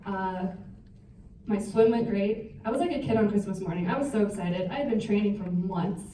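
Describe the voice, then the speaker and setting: A young woman speaking at a retreat, telling a personal story to an audience in a lively, self-mocking way. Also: medium pitch, moderate pace, a little hiss or hum. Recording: roomy hall, voice picked up from a distance.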